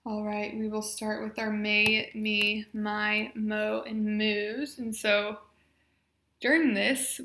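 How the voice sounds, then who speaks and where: In an echoey space, a speech therapy exercise leader runs a group voice class, her medium-pitched voice pushed and bright. She encourages everyone, paces her step-by-step directions slowly and clearly, and demonstrates sounds for the group to repeat.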